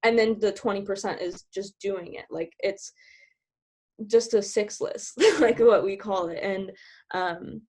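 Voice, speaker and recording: A bubbly woman rattles off advice at a quick clip, giggling between thoughts and peppering every sentence with "like". Her voice sits at an ordinary middle pitch. She comes through the compressed sound of a video call. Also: steady tone, darkish tone. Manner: bubbly, giggly, filler-heavy with many "like"s; talks fast. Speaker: team trainer sharing sales tips. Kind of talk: casual coaching talk.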